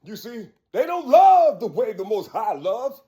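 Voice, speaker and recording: A man ranting in a preachy, profane spiritual monologue, often shouting and checking in with the listener. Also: very high-pitched, big pitch swings, a little slow, reverberant. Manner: preachy, profane, keeps asking "you see"; bursts into shouting and laughter.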